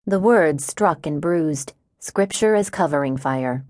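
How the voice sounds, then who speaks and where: Low-voiced woman narrating an audiobook. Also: animated, takes it slowly, hardly any pauses, darkish tone, dry recording, clean studio sound. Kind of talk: scripted first-person narration.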